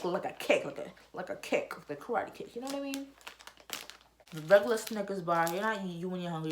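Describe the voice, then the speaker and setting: A teenage girl telling a storytime to camera in a chatty, animated, slangy way. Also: fairly low pitch, a little hiss or hum. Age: teens. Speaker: YouTuber. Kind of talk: casual storytime vlog.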